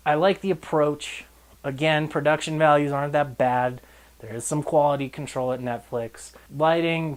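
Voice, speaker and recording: A man giving a casual, profane film review, with sarcastic, exasperated rants broken up by laughter. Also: mid-range voice.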